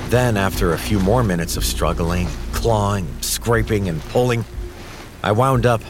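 A man reading a horror story aloud in a steady, measured storytelling manner. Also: fairly low pitch, background noise. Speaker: narrator. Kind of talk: scripted horror narration. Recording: music under the voice.

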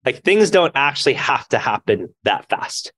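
A man's voice: mid-range voice, sing-song, normal speed, fairly bright tone. A man speaking as a founder guest in a podcast interview, reflective and earnest. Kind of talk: conversational interview.

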